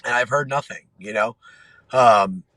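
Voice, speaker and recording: A man's voice: medium pitch, unhurried, dry recording. A man in his thirties, a guest on a podcast, telling stories in casual chat with frequent laughter, acting out quotes. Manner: laughing, animated storyteller who acts out quotes. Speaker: podcast guest, MMA fighter.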